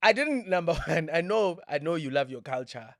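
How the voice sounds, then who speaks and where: A man's voice: a little high, lively intonation, moderate pace, a bit bright, no echo, studio quality. Playful South African male host. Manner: playful, joking, frequent affirmations. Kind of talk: casual chat.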